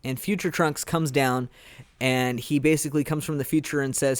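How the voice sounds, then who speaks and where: A man hosting a casual review podcast. He rambles excitedly through a story recap with plenty of filler words. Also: mid-range voice, normal speed, no echo. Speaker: podcast host reviewing anime. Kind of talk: casual chat.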